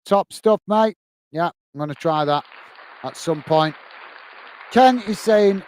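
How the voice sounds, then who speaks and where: A man's voice: high-pitched, takes it slowly, long pauses, darkish tone, no room sound. A man from England hosting a football watch-along, chatting casually and reading out viewer comments with friendly thanks. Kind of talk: casual live-stream chat.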